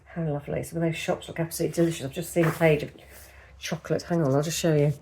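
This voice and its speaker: A woman's voice: deep voice, fairly even intonation, rapid-fire, mellow, a little hiss or hum. A woman vlogger chatting casually to camera, rambling and speaking directly to the viewer, first at home and later outdoors in a park. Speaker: lifestyle vlogger.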